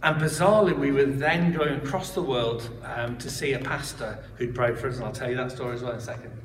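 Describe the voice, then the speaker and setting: A man's voice: medium pitch, quick pace, slight background noise. A man giving a personal testimony, told in a conversational way with frequent restarts and asides. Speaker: church member giving testimony. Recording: roomy hall, speaker far from mic.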